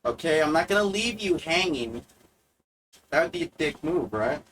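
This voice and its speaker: A man delivering a provocative monologue to the viewer, sardonic and deliberate, halting often to find his words. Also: on the high side, lively intonation, a bit bright, slight background noise, low-quality recording. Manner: mock-lecturing, talks straight to the viewer. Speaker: video essayist.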